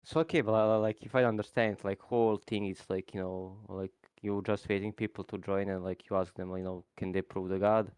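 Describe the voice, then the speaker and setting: Man, smooth resonant voice, dry close sound, stumbling speech. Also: on the low side, little pitch movement, darkish tone, dry recording. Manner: halting, repeats words, confused. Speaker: caller. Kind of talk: live debate call.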